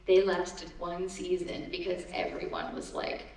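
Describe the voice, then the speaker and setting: Captured from a distance in a large, echoey convention hall with slight background noise, a voice actor in her thirties rambles and giggles through Q&A stories, full of ums. Her voice is low-ish and darkish, measured in pace, with a completely flat delivery.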